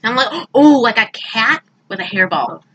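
A woman chatting casually about a movie, animated and quick to act out characters' lines in high, loud voices. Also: breathy edge, low-quality recording. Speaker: podcast co-host recapping a movie. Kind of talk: casual chat.

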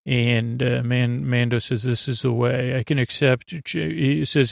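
Flat, gravelly-voiced man recapping an episode. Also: medium pitch, dry recording, clean studio sound. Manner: halting, with frequent fillers and restarts; retells scenes in a flat paraphrase of the dialogue. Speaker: podcast host.

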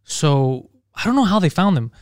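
A male podcast host telling stories in a casual chat, animated and full of swearing. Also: on the high side, normal speed, no echo, clean studio sound. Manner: animated, swears a lot, acts out quotes.

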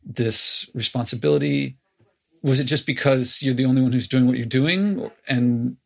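A man leads a conversational interview. His voice is husky, with a gravelly edge. He thinks aloud in loose, reflective phrases. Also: mid-range voice, normal speed.

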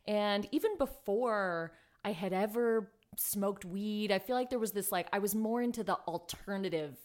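A woman in her thirties from Los Angeles, a podcast guest chatting casually with lots of laughter and playful quoted voices. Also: normal speed. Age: 30s. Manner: animated storyteller, laughs often, jumps into high quoted voices. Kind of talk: casual chat.

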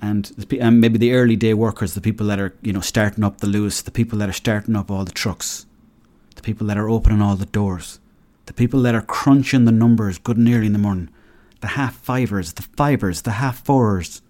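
Irish guy in his 30s rambling on his podcast, mellow voice, jokey. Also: lowish voice, brisk. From Ireland. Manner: rambling, joking, acts out little dialogues. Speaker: podcast host. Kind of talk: casual solo podcast monologue.

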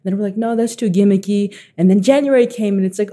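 An eighteen-year-old man telling stories as a guest, animated, laughing often and acting out what others said. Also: sits high, fast. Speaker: guest artist. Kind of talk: casual storytelling.

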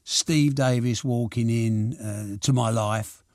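An older man, a promoter, telling anecdotes in an interview, lively and full of restarts as he acts out what people said. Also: mid-range voice, slow, dry recording, studio quality. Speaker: boxing and snooker promoter. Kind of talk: reminiscing interview answers.

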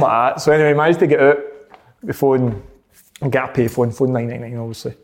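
A man's voice: mid-range voice, brisk. A man with a Scottish accent telling a story in casual chat, laughing often and acting out what people said. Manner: animated, laughs often, acts out quotes.

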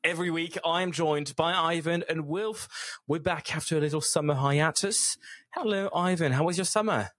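A man's voice: fairly high pitch, normal speed, fairly bright tone, no echo. A young man hosting a casual podcast, playful and chatty, joking and laughing with his co-hosts. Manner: playful, sings his intro. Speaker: podcast host.

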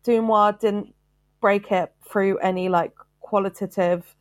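A woman's voice: mid-range voice, steady tone, unhurried, no echo. A woman co-hosting a podcast in casual chat, pressing her argument firmly. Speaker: podcast co-host.

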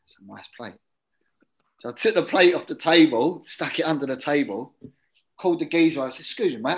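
A man telling a long casual anecdote as an interview guest, chatty and drifting into quiet muttered asides. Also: medium pitch, poor audio. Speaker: guest, former footballer.

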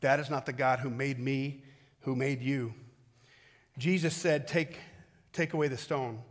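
A middle-aged man preaching a sermon as pastor, talking conversationally, shifting from loud calls to hushed reflection. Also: mid-range voice, fairly even intonation, a little slow.

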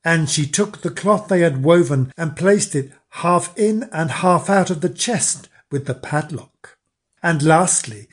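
A man narrating a dark fairy tale as the show's storyteller host, measured and dramatic. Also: on the high side, breathy edge.

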